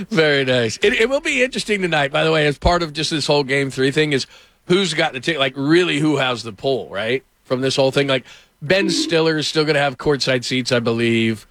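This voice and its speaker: A man's voice: on the high side, expressive, fairly quick, a bit bright, dry recording. A man hosting a sports radio show, telling rambling anecdotes full of fillers into a studio microphone.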